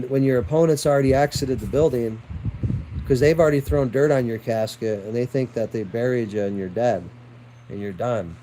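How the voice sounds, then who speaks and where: A man's voice: mid-range voice, dark tone, slight background noise, poor audio. Man, ranting monologue to viewers, defiant, rambling, repetitive, crude at times.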